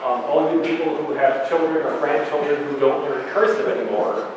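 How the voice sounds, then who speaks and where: Man, fifties, out of breath, joking host, slightly high voice, long hall reverb. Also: brisk, highs cut off. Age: 50s. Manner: chatty, joking, asks the audience questions. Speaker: library director and event host. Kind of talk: welcoming remarks at a public talk. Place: lecture room in a historical society. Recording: echoey hall recorded from far off with noise.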